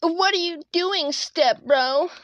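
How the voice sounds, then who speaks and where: A man's voice: extremely high pitch, slow pace, fairly bright tone, no echo, voice pushed up, heavily acted. A man faking a ditzy girly voice. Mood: pleading. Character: ditzy young woman, coffee-shop girl type. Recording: dull lo-fi mic.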